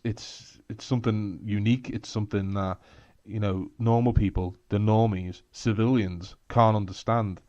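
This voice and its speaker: A man's voice: fairly low pitch, darkish tone, no room sound, lo-fi sound. A man with a Scouse accent co-hosting a podcast in casual chat, blunt and laughing, with sweary asides. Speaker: podcast co-host.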